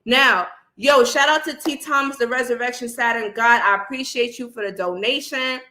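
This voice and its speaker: Woman, spiritual livestream host, bright and raised pitch, nasal and stuffed up, preachy rallying delivery to viewers. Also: normal speed. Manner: preachy, rallying, keeps calling the audience family. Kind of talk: livestream talk to viewers in chat.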